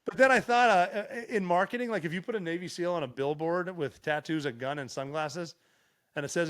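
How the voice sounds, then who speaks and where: A man's voice: a little high, fairly quick. A middle-aged man from Montana, a podcast guest telling stories in casual chat with plenty of swearing. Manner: profane, animated storyteller. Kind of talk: casual storytelling.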